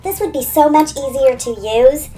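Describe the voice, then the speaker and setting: A woman's voice: sits high, moderate pace, mellow, soft background music. A woman beauty vlogger chattering playfully to herself and her products, giggling often. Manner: giggly, talks to herself and objects.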